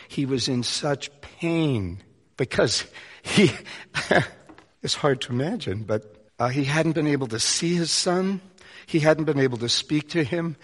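Pastor, male, mid-pitched, conversational sermon with emphatic peaks, long hall reverb. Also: breathy edge.

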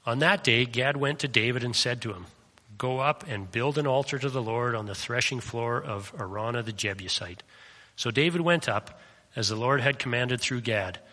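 A man's voice: mid-range voice, sharp tone, long reverb tail. A man preaching a sermon in a conversational way, often asking rhetorical questions of his listeners.

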